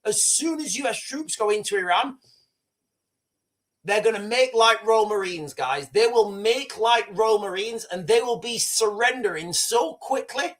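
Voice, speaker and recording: A man hosting a live news commentary stream, rambling and excitable with many restarts, boastful and opinionated. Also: sits high, unhurried. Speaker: livestream host.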